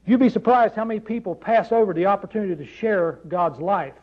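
A man's voice: high-pitched, brisk, muffled recording. A man preaching a sermon in a conversational way, often asking the congregation rhetorical questions.

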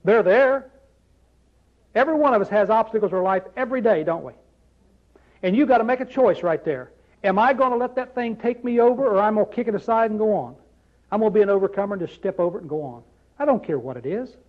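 A man's voice: high voice, lively intonation, fast, muffled recording. A man preaching a sermon in a conversational way, often asking the congregation rhetorical questions.

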